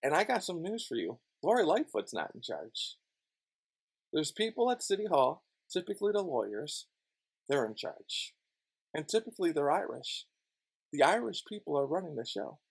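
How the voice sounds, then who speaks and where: A man's voice: fairly high pitch, sing-song, normal speed, gravelly, husky. A man from Chicago on his YouTube channel, delivering a heated, profane, repetitive rant. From Chicago, USA. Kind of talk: ranting monologue vlog.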